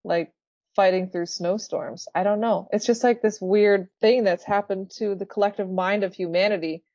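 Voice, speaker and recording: A woman's voice: mid-range voice, fairly even intonation, moderate pace, a little mellow, no room sound. Earnest woman guest, dull lo-fi sound. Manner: earnest, laughs easily. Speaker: band singer as guest. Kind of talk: casual interview chat.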